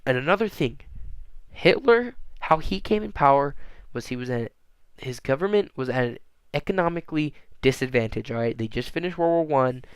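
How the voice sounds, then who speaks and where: A man's voice: medium pitch, expressive, clear, resonant tone, no room sound. A man rambling through a casual monologue, often restarting and tagging on "all right?". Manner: halting, frequent restarts and fillers.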